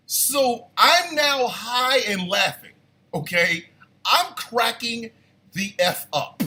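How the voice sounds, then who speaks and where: A man hosting a morning show, telling a comic story in a casual, animated way with loud bursts of disbelief. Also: extremely high pitch, takes it slowly.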